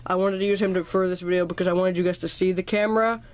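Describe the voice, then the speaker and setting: A woman's voice: on the low side, steady tone, very fast. A teenage girl chats through a casual birthday haul vlog in her bedroom. She rambles and lists her items one by one, sounding a touch sick and slightly out of breath. The sound comes from the camera's own built-in mic. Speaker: vlogger. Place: dark bedroom at home.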